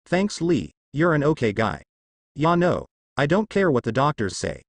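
A man's voice: a little high, big pitch swings, normal speed, creaky, dry recording, heavily acted. A man reading the lines of a brash, cocky teenage boy ninja in a fan fiction story, in nearly his own voice.

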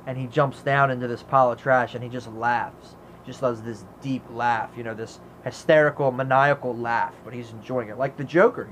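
A man's voice: medium pitch, fairly bright tone, slight background noise. A man giving a casual movie review, rambling and enthusiastic, filling his talk with "you know" as he recounts scenes.

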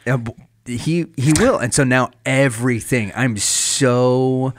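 A man's voice: medium pitch, takes it slowly, no echo, studio quality. A man co-hosting a podcast, telling a home story with wry, joking asides. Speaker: podcast co-host. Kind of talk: casual podcast chat.

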